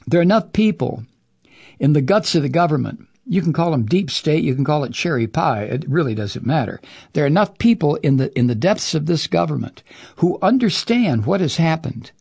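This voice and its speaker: A man's voice: fairly high pitch, animated, creaky, darkish tone, husky. Profane, sarcastic male talk radio host. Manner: profane, sarcastic, emphatic, drawn-out words for effect. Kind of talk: angry political commentary monologue.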